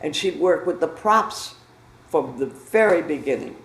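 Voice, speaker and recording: A man's voice: on the high side, expressive, measured pace, fairly bright tone, reverberant, low-quality recording. An older man in his eighties, a veteran actor, recalling show business in a matter-of-fact, wry way. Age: 80s. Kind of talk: reminiscing interview.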